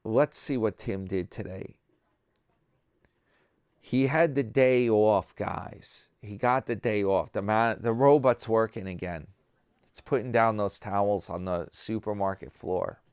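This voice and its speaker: A man's voice: lowish voice, measured pace, a little mellow, clear, resonant tone, no room sound, studio quality. A man from New York talking casually to his subscribers, rambling and mocking himself. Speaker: vlogger host. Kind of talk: casual chat.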